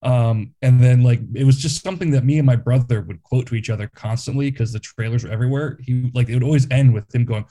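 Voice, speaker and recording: A laid-back man on a podcast with a mid-pitched, mellow, dark tone. He tells his stories loosely and giggles as he goes, filling gaps with plenty of "um" and "like". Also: fast talker, few pauses. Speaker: podcast panelist. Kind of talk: casual podcast chat.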